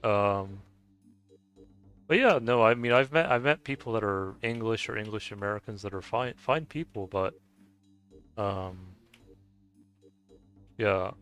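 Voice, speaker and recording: Rambling, low-voiced man chatting casually. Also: a little slow, long pauses, fairly bright tone, clear, resonant tone, faint music behind. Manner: rambling and hesitant, many fillers and restarts; chuckles often while talking. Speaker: game streamer chatting with viewers. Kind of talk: casual chat while playing.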